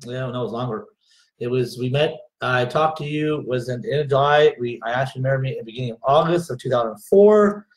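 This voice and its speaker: A man's voice: mid-range voice, a little fast. A middle-aged man making brief, dry remarks in a casual live chat. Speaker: co-host, husband.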